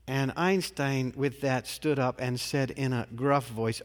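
A male pastor preaching a sermon in a measured, emphatic way, posing rhetorical questions and answering them. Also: medium pitch, steady tone. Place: large church sanctuary. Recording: long reverb of a large church.

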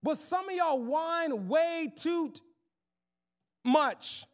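With an extremely high voice and an extremely slow delivery, a young man preaches as a pastor. He's casual and funny, addresses the congregation as y'all, and shifts from soft asides to loud exclamations.

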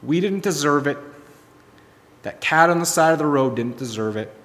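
A man preaching a sermon, telling a story and swinging from soft, hushed lines to emphatic ones. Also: on the high side, lively intonation, normal speed, long reverb tail. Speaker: pastor.

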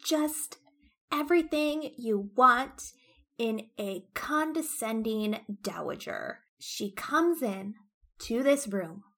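Woman, casual podcast co-host, bright tone, giggly, acts out quotes. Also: a little high, expressive, slow. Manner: laughs often, acts out characters in quotes. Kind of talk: casual book-club chat.

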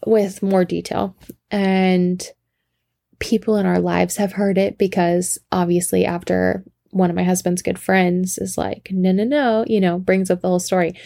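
A woman telling a personal story in a casual, animated way, laughing often and swearing freely. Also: mid-range voice, creaky, dry recording, studio quality. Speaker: storyteller sharing a personal anecdote.

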